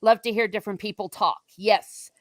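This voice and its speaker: Chatty American woman, livestream host, mid pitch, dry close sound. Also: moderate pace, dry recording. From United States. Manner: chatty, animated, reads viewer comments aloud. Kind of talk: casual livestream book chat.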